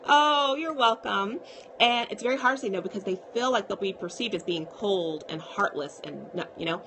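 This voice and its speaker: A woman's voice: medium pitch, moderate pace, a bit bright, a little hiss or hum. A woman psychiatrist talking casually to viewers on a live stream, reassuring and often checking in with "okay?".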